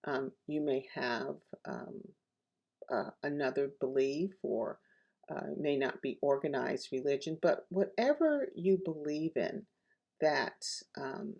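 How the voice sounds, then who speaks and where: Woman poet-teacher, dark gravelly voice, soft and halting delivery. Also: low voice, animated, dull audio. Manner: gentle, hesitant, with many fillers; repeats lines slowly and softly. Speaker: author reading her poetry. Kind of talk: reading a poem and teaching self-care practices.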